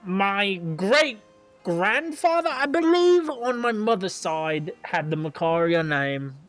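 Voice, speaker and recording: Guy doing a humble bearded ex-soldier fisherman, talks slow and kinda high, rambly, faint music behind. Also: lively intonation, fairly bright tone, heavily acted. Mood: proud.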